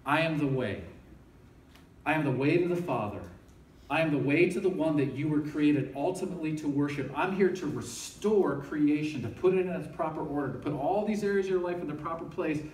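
A man's voice: a little high, a little fast, darkish tone. A man giving an informal, conversational sermon to students, often checking in with his listeners. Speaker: campus ministry speaker. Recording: echoey room, voice from a distance.

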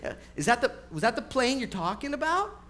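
A preacher playing a sarcastic, exasperated Jesus in a mock-innocent tone, in front of a church congregation. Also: male voice, extremely high pitch, big pitch swings, a little fast, pushed and bright, pitched above the performer's own voice, exaggerated voice. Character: sarcastic adult male Jesus, teasing and exasperated.

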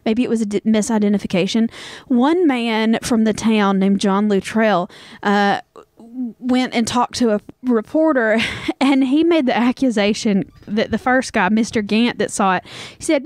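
A woman's voice: fairly high pitch, normal speed, a little mellow, no room sound. A young woman with a Southern US accent co-hosting a podcast, telling a story in a rambling, casual way full of fillers. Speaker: podcast co-host.

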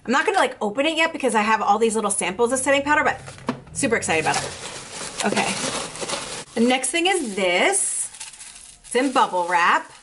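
A young woman vlogger chatting casually as she unboxes makeup, gushing and excitable. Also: on the high side, moderate pace, long pauses, slight background noise. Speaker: beauty vlogger.

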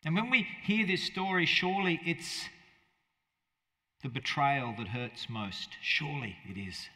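A man's voice: on the high side, expressive, measured pace, pushed and bright, in a large hall. A man preaching a conversational sermon as pastor, often asking his listeners rhetorical questions.

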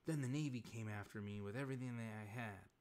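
A man's voice: lowish voice, quick pace, a little mellow, close to an everyday voice. A man reading a comic aloud and voicing a young male mutant who defends himself earnestly.

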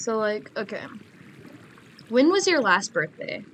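A woman's voice: on the high side, big pitch swings, measured pace, a bit bright. Woman gamer, chatty and jokey, talks to herself while playing, laughs easily, faint hiss behind. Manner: playful, jokey and giggly, talking to herself. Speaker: Minecraft player. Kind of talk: casual gameplay commentary.

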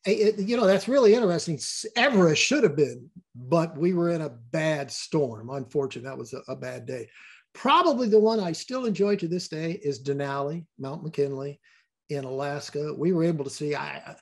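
A man's voice: a little high, lively intonation, normal speed, vocal fry, breathy edge. An older man talking as a guest in a casual interview, rambling and repeating words as he tells stories.

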